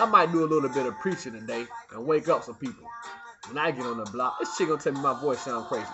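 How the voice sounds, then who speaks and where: A young adult man in a rambling, profane monologue, swinging from low muttering to loud preachy outbursts. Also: expressive, fast. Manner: profane, peppered with "man" and "you know what I mean". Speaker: vlogger. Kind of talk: rambling personal monologue to camera. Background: music playing.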